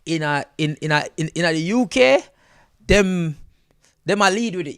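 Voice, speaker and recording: A man's voice: high voice, expressive, normal speed, clean tone, dry recording, studio quality. A man from Jamaica with a Jamaican accent, a comedian chatting in an interview and animatedly acting out the people he meets. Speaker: comedian guest. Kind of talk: casual interview chat.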